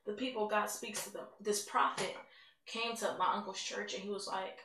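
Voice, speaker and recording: A teenage girl giving a candid, rambling personal testimony, building to excitement at points. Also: mid-range voice, moderate pace. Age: teens. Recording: echoey room, mic at a distance, faint noise.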